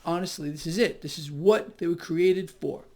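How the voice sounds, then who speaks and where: A man's voice: on the high side, moderate pace. A man giving solo financial commentary in a mocking, sarcastic tone, often breaking into exclamations.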